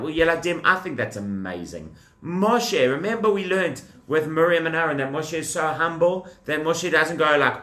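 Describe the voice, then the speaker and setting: Animated dad telling a bible story. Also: male voice, fairly high pitch, moderate pace, hardly any pauses. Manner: expressive, exclaiming, asks the child questions. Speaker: father telling a story to his child. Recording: echoey room.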